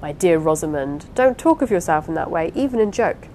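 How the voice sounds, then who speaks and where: A woman reading the part of a reserved, proper young husband in an audiobook, speaking in a measured, formal, gently reproving way. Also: low voice, expressive, a little hiss or hum, low-quality recording.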